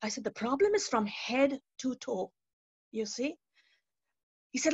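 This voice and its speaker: A woman's voice: a little high, moderate pace, a little mellow, slightly rough, dry recording, lo-fi sound. A woman giving a personal faith testimony, telling her story and acting out the dialogue as she goes. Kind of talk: spoken testimony to a youth webinar.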